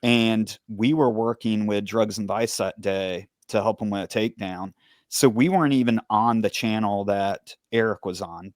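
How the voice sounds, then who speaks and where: Steady American man hosting an interview. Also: fairly low pitch, no room sound, studio quality. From United States. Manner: steady, guiding questions, recounting events. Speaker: podcast host, former police officer. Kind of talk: interview conversation.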